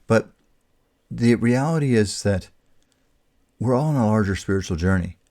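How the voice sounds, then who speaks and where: A man's voice: on the low side, animated, moderate pace, darkish tone. A man hosting a radio talk show, talking casually and rambling to his listeners about a healing prayer, often restarting his sentences.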